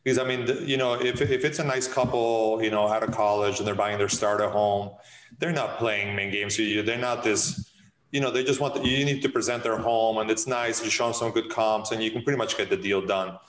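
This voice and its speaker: A man's voice: on the low side, steady tone, brisk, a bit bright, rough recording. A man, a real estate agent, talking in a casual podcast interview, telling stories with many restarts and acting out his clients' lines.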